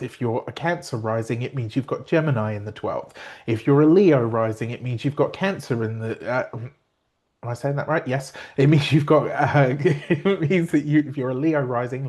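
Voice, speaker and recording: A man who reads astrology and tarot, talking in a casual and meandering way, slowing down to stress his points and correcting himself as he goes. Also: medium pitch, a little mellow. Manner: meandering and earnest, slows down to stress points, with fillers and self-corrections. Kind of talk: casual spoken explanation to camera.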